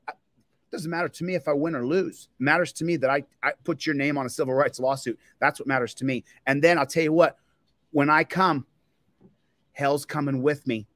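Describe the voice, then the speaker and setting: On his livestream, the police auditor's voice sits on the high side as he lashes out at a police department, angry, combative and repeating himself. The recording is dry with clean studio sound.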